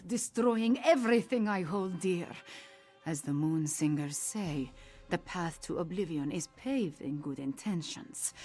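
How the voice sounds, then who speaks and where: A weary cat-folk spy with rolled R's. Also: female voice, lowish voice. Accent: exotic rolled-R accent. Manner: bitter, exasperated. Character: weary feline female diplomat and spy.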